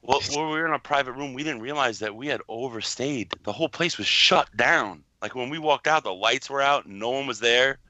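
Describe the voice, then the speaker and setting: Bright-voiced man telling party stories. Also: mid-range voice, fairly quick, few pauses, no echo. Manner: rambling, laughing storyteller. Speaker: podcast co-host. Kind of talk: casual chat.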